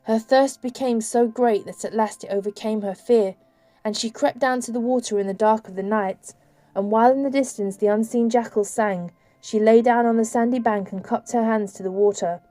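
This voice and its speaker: A woman reads an audiobook in a measured, steady way. Her voice is mellow and warm in tone. The recording is dry and close, with no room sound. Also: on the high side, no room sound, faint music behind. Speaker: audiobook narrator. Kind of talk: audiobook narration.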